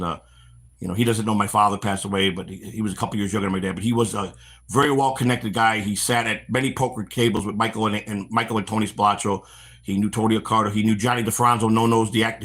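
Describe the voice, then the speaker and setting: A middle-aged Chicago-area man hosts a walk-and-talk stream outdoors, spinning long, rambling stories from his past. An animated storyteller with a fairly low pitch, he acts out the voices of the people in them and restarts often.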